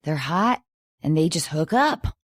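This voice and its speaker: A woman's voice: sits low, animated, measured pace, no room sound, clean studio sound. A woman hosting a podcast in a casual chat, rambling with restarts and swearing freely. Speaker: podcast host.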